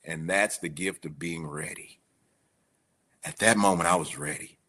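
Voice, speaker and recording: A man's voice: low voice, unhurried, sharp tone. A man as a guest, candidly telling his own recovery story in a slangy, emotional way. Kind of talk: personal recovery testimony.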